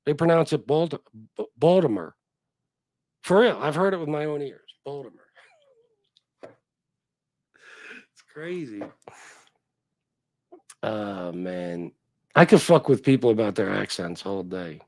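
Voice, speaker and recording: A man's voice: medium pitch, lively intonation, a little slow, long pauses, no echo. A man hosting a livestream, chatting casually with viewers in a rambling, profane way. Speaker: livestream host. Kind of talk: casual chat.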